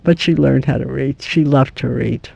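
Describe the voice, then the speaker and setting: Older woman fondly recalling her mother, gravelly. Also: extremely low pitch, moderate pace, mellow, no echo. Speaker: interviewee. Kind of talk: archival oral history recollection.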